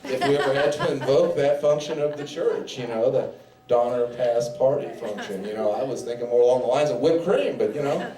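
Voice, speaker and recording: A man's voice: mid-range voice, fairly quick, far from the mic, crowd noise. A man with a folksy cowboy drawl rambles through a standup set in a bar and grill. He speaks in a mid-range voice, and the sound comes from a few steps away. The room echoes around him. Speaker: standup comedian. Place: bar and grill with live audience. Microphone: handheld mic.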